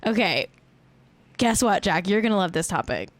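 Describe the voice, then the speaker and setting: Animated woman hosting a gossip stream. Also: mid-range voice, moderate pace, no room sound. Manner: playful, self-mocking, animated. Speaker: host. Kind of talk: casual celebrity gossip livestream.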